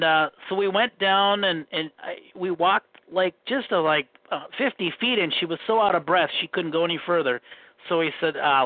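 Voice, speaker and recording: A man's voice: a little high, no room sound. A man with a Minnesota accent telling long stories in casual chat, restarting and repeating himself as he rambles. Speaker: guest telling dating stories. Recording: tinny phone line, dry.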